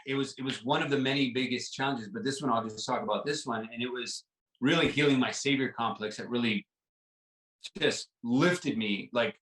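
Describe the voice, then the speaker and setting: A man speaks with earnest, halting sincerity, circling back over his words and leaning on "like" and "right?". His voice sits at an ordinary middle pitch. He is a little distant from the mic in an echoey room. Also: fairly bright tone. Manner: earnest, repeats words, many "like" and "right?" fillers. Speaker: podcast guest. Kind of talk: personal storytelling in an interview.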